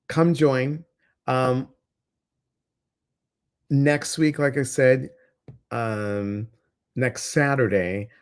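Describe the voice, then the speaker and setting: A man with a Chicago accent hosting a casual livestream, upbeat and excitable as he talks straight to his viewers. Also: fairly low pitch, vocal fry. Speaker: livestream community host.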